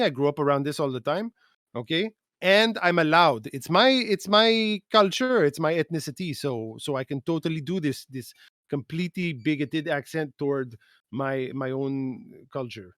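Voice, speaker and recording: A man's voice: on the high side, lively intonation, moderate pace, fairly bright tone, no room sound, clean studio sound. A man from Quebec putting on an exaggerated Quebec French accent in broken English, dropping articles and tacking "okay?" onto his points during a podcast chat. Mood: mock-proud.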